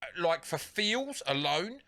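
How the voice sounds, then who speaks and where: A man co-hosting a casual podcast, his voice bright and cutting. He rambles through his points with plenty of swearing and false starts. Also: high-pitched, big pitch swings, unhurried. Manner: rambling, sweary, restarts often. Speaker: podcast co-host. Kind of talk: casual chat.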